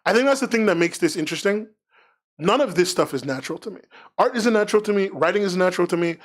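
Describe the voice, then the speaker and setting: A fairly high-voiced man talking on a live stream. He rambles loosely, frank and self-mocking, and keeps the chat loose and unscripted. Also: animated, fast. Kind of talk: casual livestream chat.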